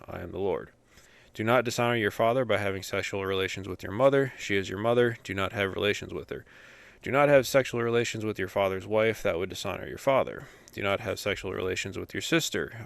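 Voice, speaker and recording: Low gravelly man, casual Bible podcast. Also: no room sound. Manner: casual, chatty with fillers, then steady reading aloud. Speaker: podcast host reading the Bible.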